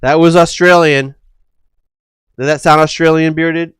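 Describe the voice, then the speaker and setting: A man's voice: a little high, fairly even intonation, a little slow, fairly bright tone, smooth, no room sound. A man from the United States hosting a livestream, talking casually in a rambling way with many fillers and swearing. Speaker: livestream host. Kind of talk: casual stream chat.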